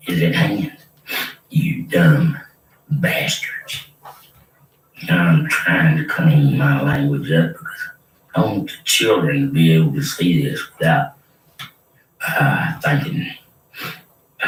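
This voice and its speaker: Older man, rambling doom-preacher monologue, low and unhurried, roomy distant recording with faint hiss. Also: animated, a bit bright. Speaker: self-proclaimed prophet.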